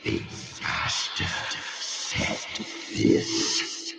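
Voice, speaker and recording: A man's voice: extremely slow, music in the background. A man voicing a faceless vaporous creator god who speaks in grave, imperious pronouncements in a vintage radio play. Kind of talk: 1940s radio acting.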